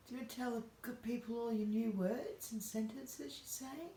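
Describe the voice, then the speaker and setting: An Australian woman coaxes her pet parrot with affectionate baby-talk, speaking casually in a mellow, slightly high voice at a moderate pace with hardly any pauses. She's off-mic and distant in an echoey, noisy room.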